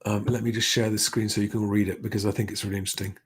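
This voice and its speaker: Husky middle-aged man rambling. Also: on the low side, level tone, rapid-fire. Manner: rambling with many fillers and restarts. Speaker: livestream host reading chat comments. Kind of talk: casual live-stream commentary.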